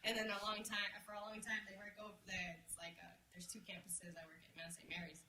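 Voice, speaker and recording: A woman talks casually as an interview guest, loose and laughing, with a swear here and there. Her voice rings in an echoey room, and a clear background noise sits under it. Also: mid-range voice, monotone, fast, pushed and bright. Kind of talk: casual chat.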